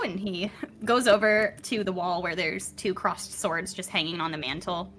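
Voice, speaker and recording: A woman's voice: fairly low pitch, steady tone, moderate pace, fairly bright tone, soft background music. A woman game master narrating a tabletop game in a chatty, amused way.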